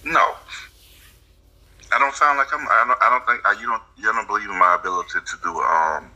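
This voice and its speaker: A man on a comedy podcast banters and teases with playful jabs. His low voice is husky yet very sharp and bright in tone. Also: fairly quick, low-quality recording. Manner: teasing, joking banter. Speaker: podcast co-host. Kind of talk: casual comedic chat.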